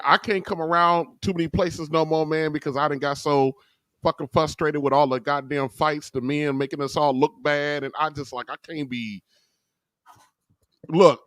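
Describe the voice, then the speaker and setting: A man with a fairly high voice, a guest telling an animated, rambling story in casual chat. The sound is dry and close, with little room. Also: dry recording. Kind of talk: casual conversation.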